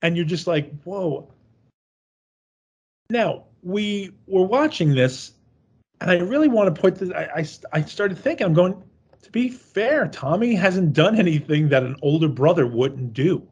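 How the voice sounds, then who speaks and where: A man's voice: high voice, expressive, normal speed, darkish tone, husky. A man co-hosting a podcast, retelling a horror movie's scenes in a crude, joking way and laughing as he goes. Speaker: podcast co-host. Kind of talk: casual movie recap.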